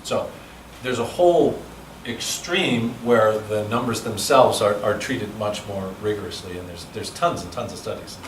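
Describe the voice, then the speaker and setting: This seminar lecture comes from a male speaking coach with a lowish voice at normal speed, chatting through explanations of measurements and answering questions. It's captured from a distance in an echoey seminar room, with slight background noise.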